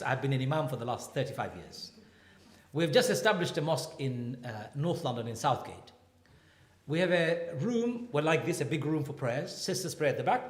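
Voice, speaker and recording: A man in his fifties, an imam and marriage counselor, giving a humorous lecture as an animated, joking storyteller. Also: a little high. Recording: echoey hall.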